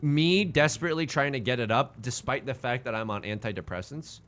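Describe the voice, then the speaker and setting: A man streaming a building game live, thinking aloud in an excitable, joking way and swearing at his own designs. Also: mid-range voice, a little fast, hardly any pauses, faint music behind. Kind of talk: live gameplay commentary.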